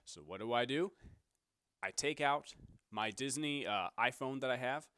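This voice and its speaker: A man's voice: mid-range voice, unhurried, sharp tone, clean tone, dry recording. Rambling young man telling a story. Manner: rambling, self-correcting. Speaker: podcast host. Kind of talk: casual storytelling.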